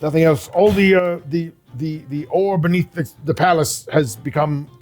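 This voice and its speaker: A man running a tabletop game as game master, narrating in a halting way with many restarts. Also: a little high, darkish tone, faint music behind.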